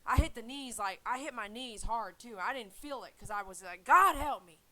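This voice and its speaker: A woman who grooms dogs and hosts a channel discusses faith with her viewers in a fairly high voice at a moderate pace. The recording is low-quality, and her earnest, casual talk rambles and repeats.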